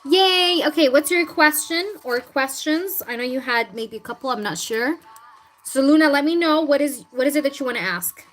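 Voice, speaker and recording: A woman's voice: high voice, animated, normal speed, a bit bright, low-quality recording. Chatty woman reading tarot live. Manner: chatty, addresses viewers by name, frequent throat-clearing. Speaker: tarot reader hosting a live stream.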